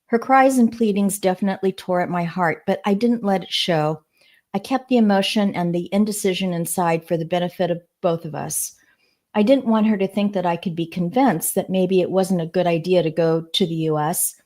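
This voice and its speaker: A woman reads a memoir aloud for an online book club in a low voice. She voices the first-person narrator with expression. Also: normal speed, a little mellow.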